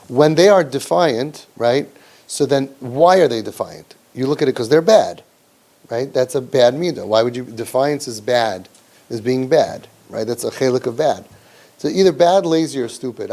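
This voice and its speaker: Sarcastic man lecturing parents. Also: mid-range voice. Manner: sarcastic, animated, rhetorical questions. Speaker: parenting coach. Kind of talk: workshop lecture.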